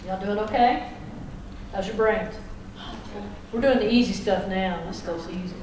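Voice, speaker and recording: A woman's voice: mid-range voice, unhurried, a little mellow, slight background noise. A woman teacher giving a classroom lecture, folksy and chatty, checking in with the class. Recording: echoey classroom from far off.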